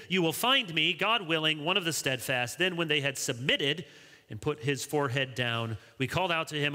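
A man preaches with a very bright, forceful voice that sits a little high for a man. His delivery is animated, leaping upward when he acts out pleas to characters. The sound rings with the long reverb of a large church hall. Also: a little fast. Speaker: pastor. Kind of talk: sermon.

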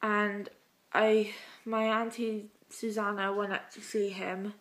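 A woman's voice: medium pitch, little pitch movement, slow, a bit bright, low-quality recording. A British woman vlogging in a rambling, heartfelt way, talking openly and emotionally. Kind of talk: confessional vlog chat.

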